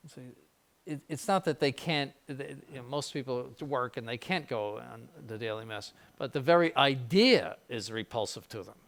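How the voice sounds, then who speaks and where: A bishop, an older man, addresses seminarians informally in a gravelly, fairly bright voice of medium pitch at a moderate pace. He keeps it conversational, restarting often, repeating words, and adding mild jokes and ironic asides.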